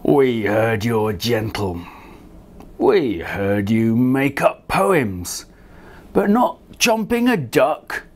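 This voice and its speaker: A man voicing a pack of fierce, menacing lions in a storybook, with a slow, growled delivery. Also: medium pitch, lively intonation, dark tone, exaggerated voice.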